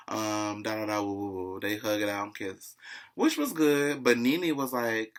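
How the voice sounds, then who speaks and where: A man's voice: on the low side, a little slow. A man casually recapping a reality TV episode in a chatty, gossipy way, often calling the listener "child".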